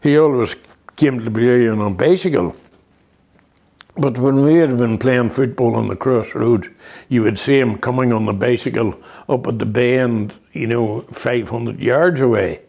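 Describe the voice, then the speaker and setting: A man's voice: mid-range voice, a little slow, creaky, darkish tone. A man in his eighties with a Northern Irish accent, telling rambling anecdotes in an interview with many restarts and fillers. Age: 80s. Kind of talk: reminiscing conversation.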